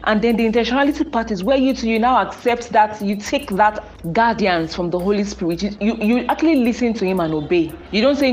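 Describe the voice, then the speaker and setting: A woman's voice: medium pitch, animated, brisk, hardly any pauses, darkish tone, slight background noise. A young Nigerian woman hosting a podcast, speaking in an earnest, preachy way with emphatic repetition about faith and marriage. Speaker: podcast host. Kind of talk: casual monologue on faith and marriage.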